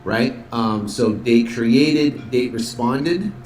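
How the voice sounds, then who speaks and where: Man giving a casual software walkthrough. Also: medium pitch, extremely slow, reverberant, faint music behind. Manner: casual, upbeat, many fillers, acts out sales calls. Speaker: instructor.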